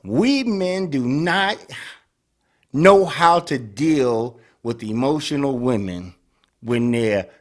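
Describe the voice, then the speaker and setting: Male host, casual talk, lively swinging delivery. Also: medium pitch, slow. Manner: animated, acts out dialogues. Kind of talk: casual commentary.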